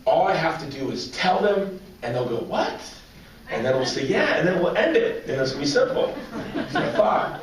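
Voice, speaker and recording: A man in his forties giving a humorous personal story speech at a banquet, as an animated, joking storyteller. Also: fairly high pitch, a little fast. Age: 40s. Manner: joking, animated storyteller drawing audience laughs. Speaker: banquet speaker. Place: large banquet hall with audience. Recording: echoey hall, distant mic, faint noise.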